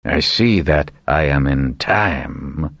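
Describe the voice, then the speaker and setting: Male reader as a rough-voiced old ship's master, deliberate. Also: lowish voice, sing-song, fairly bright tone, dry recording, voice pushed up. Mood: satisfied. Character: old male sea captain, gruff and seasoned.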